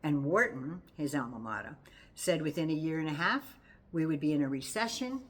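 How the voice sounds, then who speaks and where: Sassy older woman with a low voice. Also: animated, normal speed. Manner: sassy, folksy and teasing. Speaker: political commentary vlogger. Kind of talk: casual political commentary.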